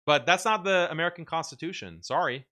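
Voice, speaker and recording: A man's voice: fairly high pitch, expressive, a little fast, bright, forceful tone. A man hosting a show, giving combative, mocking commentary and laughing at his own points. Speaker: show host. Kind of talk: argumentative commentary.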